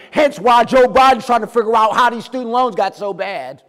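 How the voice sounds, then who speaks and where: Animated man speaking in an echoey hall. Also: very high voice, quick pace, hardly any pauses. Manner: animated storytelling, acts out voices, swings loud and quiet. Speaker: keynote speaker. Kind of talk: motivational talk to a live audience.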